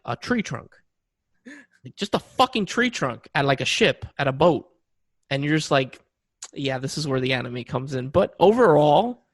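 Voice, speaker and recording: A young man co-hosting a podcast in casual chat, animated and swearing freely with lots of fillers. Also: mid-range voice, dry recording, clean studio sound. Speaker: podcast co-host.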